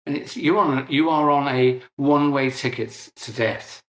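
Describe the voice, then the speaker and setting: A man's voice: medium pitch, moderate pace, a bit bright, roomy sound. A middle-aged man, an interview guest, explaining at length in a conversational, emphatic way and correcting himself as he goes.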